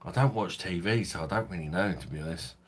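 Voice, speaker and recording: A deep, husky-voiced middle-aged man from London, his accent softened by years in Kent. He chats casually on a live stream, reading out viewers' comments by name. He swears freely and laughs often as he goes. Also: fast. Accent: London English, softened by years in Kent. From London, England. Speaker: host of a beer review channel livestream.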